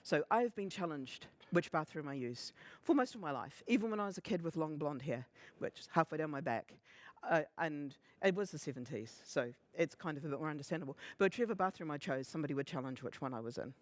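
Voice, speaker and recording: A man in his fifties gives a conference talk in a slightly raised voice, humorous and animated. He keeps acting out what other people say. The sound is close and dry, with no room around it. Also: fairly high pitch, fairly quick, hardly any pauses, dry recording. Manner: humorous, animated, acts out quoted remarks. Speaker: conference speaker. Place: conference stage.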